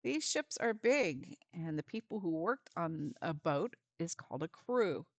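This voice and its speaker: A woman's voice: lowish voice, very animated, measured pace, no echo. A woman volunteer giving a friendly step-by-step craft lesson for parents and children, with some fillers.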